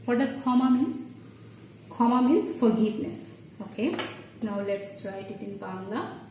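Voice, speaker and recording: Lady teaching letters, patient step by step, kinda high voice, far off the mic in a real echoey room. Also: dark tone, slight background noise. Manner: patient, explains step by step, halting restarts. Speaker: Bengali language teacher. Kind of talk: explaining at a board.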